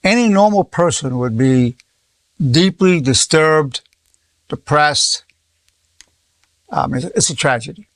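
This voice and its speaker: A psychologist in his eighties gives an informal teaching talk packed with anecdotes, often repeating words, restarting, and acting out quoted dialogue. His voice is a little high and expressive, slow-paced with frequent pauses, and there's no echo.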